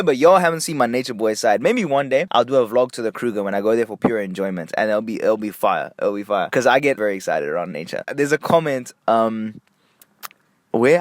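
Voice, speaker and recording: In a dry recording, a young Nigerian man shares a laid-back story-time vlog. His delivery jumps from quiet asides to sudden, excited high-pitched bursts.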